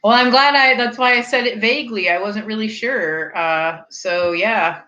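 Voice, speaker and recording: A woman's voice: a little high, normal speed, dull audio. Tipsy, rambling woman chatting with viewers. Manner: rambling, tangent-prone, animated. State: slightly tipsy. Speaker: streamer hosting a snack review. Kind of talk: casual chat with viewers.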